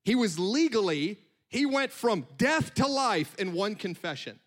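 High-voiced animated male preacher. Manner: animated, conversational preaching with quick asides. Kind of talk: sermon.

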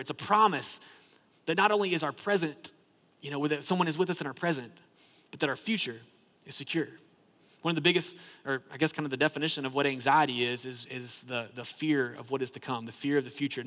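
A man's voice: mid-range voice, a bit bright. A man preaching a sermon in a church, in a conversational style that fills with "like" and repeats words. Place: church sanctuary. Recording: long hall reverb.

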